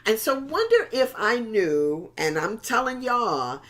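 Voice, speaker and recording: A middle-aged woman pastor gives a sermon in a conversational way, talking to the congregation directly and repeatedly restarting and repeating words. Her voice sits on the high side, very animated and a bit bright, at a slow pace.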